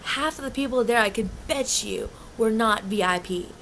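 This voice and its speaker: A woman's voice: on the high side, normal speed, gravelly, a bit bright, slight background noise. A young woman telling a concert story in a casual vlog, agitated and rambling, often restarting and swearing. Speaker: concert fan recounting an experience.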